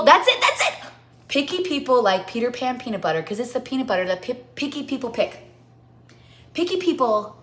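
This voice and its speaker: A woman in her forties hosting a casual baking livestream from her home kitchen, playful and tripping over tongue twisters as she chats. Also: a little high. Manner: playful, stumbling through tongue twisters and jingles.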